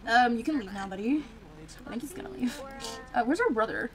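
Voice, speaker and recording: A woman's voice: a little high, big pitch swings, a little fast, a crowd in the background, poor audio. Chatty young woman narrating her Sims game. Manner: chatty, reacts aloud to the game, frequent fillers. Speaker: Sims gameplay streamer. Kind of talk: casual gameplay commentary.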